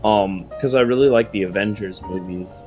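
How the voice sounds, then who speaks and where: Young male guest from Minnesota, deadpan and dry, faint music under him. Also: on the low side, moderate pace. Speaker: podcast guest. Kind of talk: casual chat.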